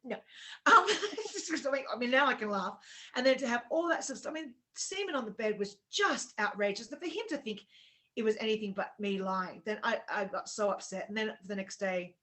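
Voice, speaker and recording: A woman in a casual conversation, recounting a bad experience with lots of feeling and acting out what people said. Her voice is bright and forceful. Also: a little high, lively intonation, a little fast. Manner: emotional storytelling, acts out quoted dialogue. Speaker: co-host. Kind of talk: casual chat.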